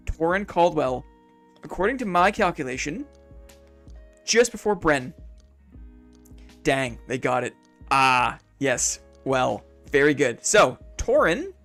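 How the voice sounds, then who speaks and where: A man's voice: high voice, a bit bright. A man streaming a game live, chatting casually with viewers in a playful, mock-formal, upbeat way.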